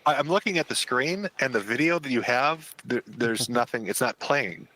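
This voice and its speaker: A man joins a casual livestream and teases the others with crude humor. His pitch swings widely and his tone is bright and forceful. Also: animated, moderate pace, poor audio.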